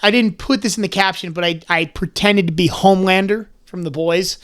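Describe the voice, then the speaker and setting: A young man in his twenties telling stories as a podcast guest. He is animated and rambling, and keeps slipping into character voices. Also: high-pitched, brisk. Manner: rambling, with many restarts and "like"s. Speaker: guest, comedy content creator. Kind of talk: casual podcast chat.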